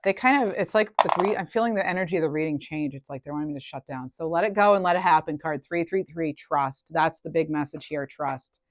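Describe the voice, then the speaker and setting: A woman's voice: low voice, a little fast, no room sound. A woman giving a casual collective tarot reading, chatty and thinking aloud, often trailing off and restarting. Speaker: tarot reader.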